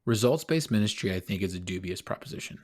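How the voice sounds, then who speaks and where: A man co-hosting a podcast in casual chat, animated and rambling, often poking fun at himself. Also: low voice, fast talker. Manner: animated, rambling, self-deprecating. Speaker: podcast co-host.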